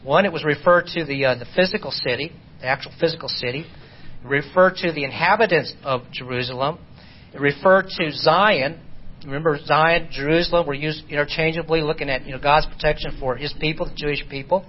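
A man teaching an informal Bible study lesson, halting and repeating words as he asks his class rhetorical questions. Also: a little high, slight background noise. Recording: dull lo-fi recording.

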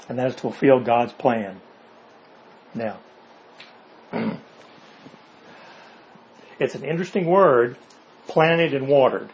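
A man at a middling pitch leads an informal Bible study, reading verses and then breaking them down conversationally. He keeps pulling the group in with rhetorical questions and short check-ins. A faint hiss runs under his voice. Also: poor audio. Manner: asks rhetorical questions, checks in with "okay?" and "see?"; reads verses aloud, then explains them in plain words. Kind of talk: informal Bible class teaching.

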